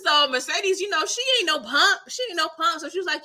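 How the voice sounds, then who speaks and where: Bright, chatty woman hosting a recap. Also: very high voice, fairly quick. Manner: animated, chatty, laughs often, tags lines with "okay?" and "girl". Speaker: TV episode recap host. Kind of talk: casual live-stream recap chat.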